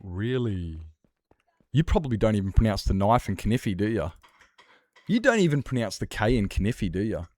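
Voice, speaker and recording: This livestreamer is a man whose voice sits on the low side, a little mellow and very animated, at a normal speed. He chats casually with viewers while playing, rambling, arguing, and swearing here and there.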